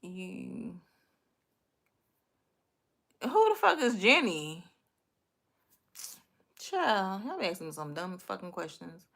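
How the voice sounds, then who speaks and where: A woman's voice: on the low side, very animated, slow pace, creaky, long pauses, a bit bright. A young woman from Miami, with a Miami accent, talking bluntly and cussing freely as she rants and chats with viewers on her livestream. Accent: Miami, Southern US. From Miami, Florida. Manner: profane, blunt, trash-talking. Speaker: livestream host. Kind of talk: casual livestream rant to viewers.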